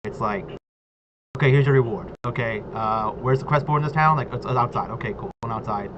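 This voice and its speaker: A man's voice: mid-range voice, a little fast. A man in casual chat about tabletop role-play, rambling and filling his talk with "like" and "right?". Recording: dull lo-fi audio with clear background noise.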